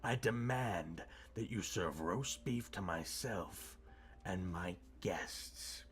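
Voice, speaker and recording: A man's voice: low voice, voice pushed down. A man putting on a scratchy, menacing villain count. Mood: demanding. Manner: slow, looming, menacing delivery. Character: sinister scratchy-voiced male villain count. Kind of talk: storybook read-aloud. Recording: faint music behind.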